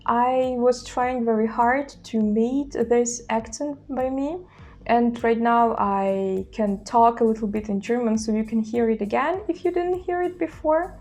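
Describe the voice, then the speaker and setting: A woman's voice: fairly high pitch, steady tone, a little slow, darkish tone, lo-fi sound. A young woman whose first language is Russian, speaking with a Russian accent and chatting casually to camera about learning a language, with many fillers and restarts.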